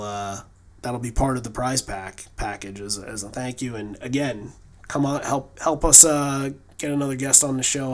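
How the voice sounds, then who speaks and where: A New England podcast co-host chats casually in an everyday medium pitch that's a bit bright. He rambles loosely, restarting sentences and filling pauses as he goes.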